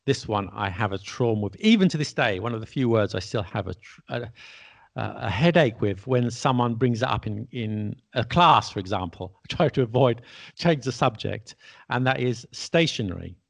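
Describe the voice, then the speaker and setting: Man, casual chat, gravelly tone, dry recording, laughs at himself. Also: medium pitch, animated, moderate pace, no room sound. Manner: chatty, self-deprecating, laughs often. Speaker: podcast host and English teacher. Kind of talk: casual conversation.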